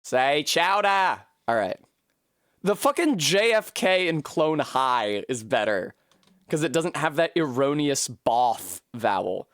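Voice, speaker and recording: A woman game streamer chatting to her viewers in loose, profane, rambling commentary. Her pitch swings widely, jumping into high yelps and shrieks when she fails. The sound is dry and close, with no room around it. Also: sing-song, takes it slowly, no echo. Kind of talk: casual live-stream commentary while gaming.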